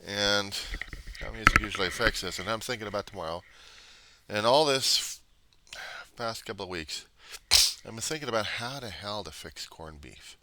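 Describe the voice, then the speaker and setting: A man's voice: on the low side, normal speed, pauses often, bright, forceful tone, slight background noise. A man rambling casually to camera, grumbling and meandering, sometimes dropping to a mutter. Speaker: vlogger.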